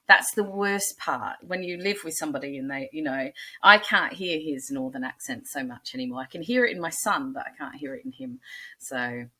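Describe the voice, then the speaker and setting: Husky low-voiced Australian woman. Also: pushed and bright. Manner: chatty, rambling storyteller. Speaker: guest, blues singer. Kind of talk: casual interview chat.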